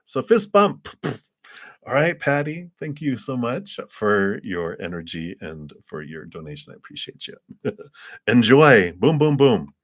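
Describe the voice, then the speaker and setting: A man's voice: medium pitch, sing-song, slow, a bit bright. A man giving tarot readings on a live stream, chatty and thinking aloud, laughing often between thoughts. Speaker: tarot reader.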